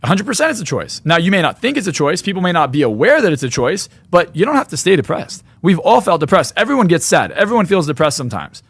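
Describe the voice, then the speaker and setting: A man's voice: high voice, very animated, fast talker, few pauses, a bit bright, slightly rough, no echo. A man speaking as a podcast guest in a blunt, emphatic, opinionated way. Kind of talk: podcast interview.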